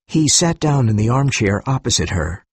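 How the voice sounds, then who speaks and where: Husky male story narrator. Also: mid-range voice, very animated, normal speed, no room sound. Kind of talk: scripted story narration for learners.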